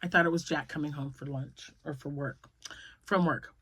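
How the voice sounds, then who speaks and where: A woman's voice: low-pitched, steady tone, normal speed, fairly bright tone, slightly rough, no room sound. A woman in her fifties, a grandmother, chatting casually to her viewers in a rambling, storytelling way. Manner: rambling, storytelling, laughs often. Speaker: crochet vlogger.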